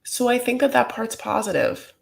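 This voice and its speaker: A man's voice: very high-pitched, moderate pace, creaky. A man hosting a comedic reality TV recap, talking in a rambling, campy way full of fillers.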